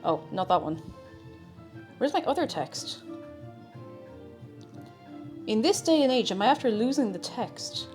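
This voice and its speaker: Irish woman streamer, slightly high, very animated delivery, scatterbrained kitchen chatter over faint music. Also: unhurried, pauses often. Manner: chatty and scatterbrained, hums little tunes. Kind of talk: casual live-stream chat while cooking.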